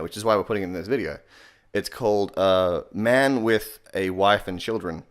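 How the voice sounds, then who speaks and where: A man with an Australian accent giving a joking voice tutorial in a deadpan, sarcastic way, swearing casually. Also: lowish voice. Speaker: comedy YouTuber.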